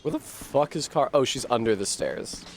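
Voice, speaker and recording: A man's voice: medium pitch, expressive, normal speed, slight background noise. A man streaming a video game, with casual commentary full of profane, sarcastic outbursts.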